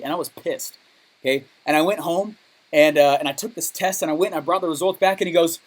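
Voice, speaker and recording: A man giving an energetic motivational training talk as a business coach, emphatic and checking in with his audience often. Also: quick pace. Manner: high-energy, emphatic, keeps asking "okay?".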